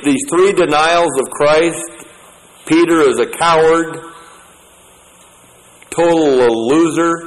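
A man's voice: medium pitch, big-room sound, low-quality recording. A man preaching a sermon, reading scripture aloud and adding plainspoken, folksy asides.

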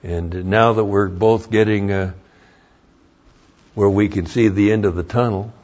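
A man's voice: on the low side, fairly even intonation, unhurried, darkish tone. An older man preaching a sermon as a pastor, moving between folksy storytelling and emphatic preaching. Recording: dull lo-fi sermon recording.

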